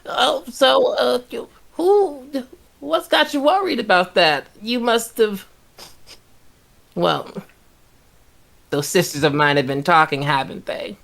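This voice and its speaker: A man's voice: extremely high pitch, lively intonation, slow pace, vocal fry, long pauses, a bit bright, voice pushed up, full character voice. A man voicing a scheming hag who plays a sweet adoptive mother, cooing and sly. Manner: syrupy, cooing, turns spiteful.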